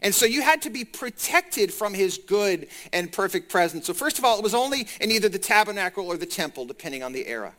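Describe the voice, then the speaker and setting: Guy preaching, high bright voice, animated, keeps talking right to the crowd. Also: fast talker, few pauses. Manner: animated, talks to the congregation directly. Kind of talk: sermon.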